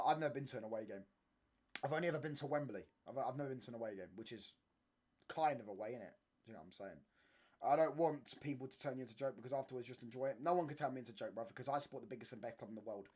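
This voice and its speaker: A man's voice: medium pitch, slightly rough. A young man, hosting a casual livestream, rambling in slangy talk and often asking "you get what I'm saying". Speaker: channel host. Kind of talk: casual livestream chat reading comments.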